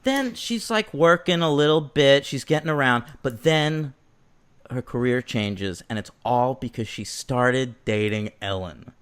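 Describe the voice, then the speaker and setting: A man co-hosting a film review podcast, animated and profane, acting out lines as he chats. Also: mid-range voice, unhurried, clear, resonant tone. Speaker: podcast co-host. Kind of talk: casual film review chat.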